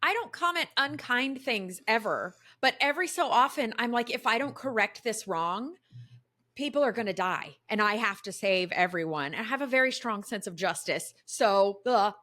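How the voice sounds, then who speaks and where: A woman from Florida co-hosting a casual podcast, telling stories in an animated, ranting way from her home desk. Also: a little high, moderate pace. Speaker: podcast co-host. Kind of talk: casual chat. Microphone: video call setup.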